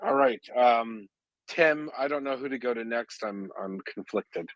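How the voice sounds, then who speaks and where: A man's voice: mid-range voice, a little slow, no echo, low-quality recording. Wry Canadian man hosting a chat. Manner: wry, teasing, sarcastic. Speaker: host. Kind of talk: casual live audio chat.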